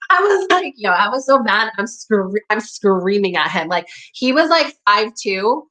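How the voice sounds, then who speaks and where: Woman, young adult, live storytelling, bright voice, profane, reenacts her shouting. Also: mid-range voice, sing-song, measured pace, low-quality recording. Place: community hall.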